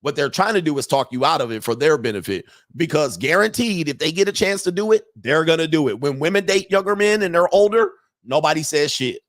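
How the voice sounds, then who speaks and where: A man's voice: on the high side, expressive, fairly quick, no echo, studio quality. A middle-aged man hosting a commentary show, reacting to interview clips in a blunt, slangy, profane way. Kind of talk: casual commentary.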